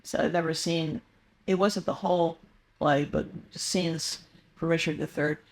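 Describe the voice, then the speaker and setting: A woman's voice: low-pitched, fairly even intonation, a little slow. An older woman, a guest in a casual interview, telling meandering anecdotes with frequent fillers and restarts.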